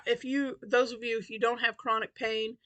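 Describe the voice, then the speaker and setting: A woman's voice: fairly high pitch, flat delivery, moderate pace, fairly bright tone. A woman chatting casually on her crochet vlog, rambling with lots of fillers and restarts, sounding tired. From Tennessee. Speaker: crochet vlogger. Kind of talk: casual chat.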